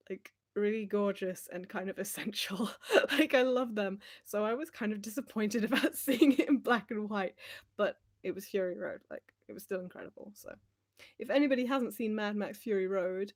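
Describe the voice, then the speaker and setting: A young woman chatting casually on a livestream, rambling and laughing often as she talks. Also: medium pitch. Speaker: livestream host.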